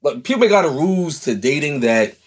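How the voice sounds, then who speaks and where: A man's voice: a little high, very animated, fast. A man hosting a casual podcast chat, talking in a loose, rambling way and laughing often. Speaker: podcast host.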